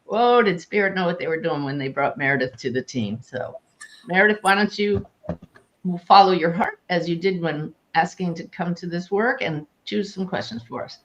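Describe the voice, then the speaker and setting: A woman, talking casually as the host of a spiritual Q&A. Her speech is animated and she laughs easily. The sound is a bit dull and lo-fi. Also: fairly low pitch, normal speed, a little hiss or hum. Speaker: host and medium.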